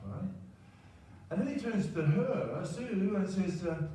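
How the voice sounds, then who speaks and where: A man in his sixties with an Australian accent spins a meandering, self-mocking anecdote. His voice is mellow and dark, heard from a little way off the mic in a very echoey room with faint ambience behind it. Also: high-pitched, animated, slow pace, recorded from a distance, a little hiss or hum. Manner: rambling, self-deprecating, keeps adding "right?". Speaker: storyteller. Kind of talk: personal anecdote monologue.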